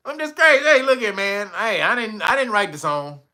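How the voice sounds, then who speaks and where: A man hosting a livestream who comments on the news with a bright, ringing tone. He swears freely, mocks what he reads, laughs often, and talks straight to his chat. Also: high-pitched, very animated, normal speed. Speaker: channel host.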